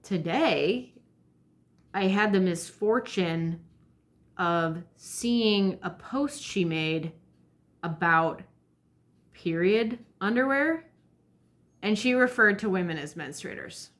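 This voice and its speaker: A woman's voice: mid-range voice, animated, takes it slowly, long pauses. A woman ranting bluntly in a vlog monologue, heated and full of profanity. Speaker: vlogger.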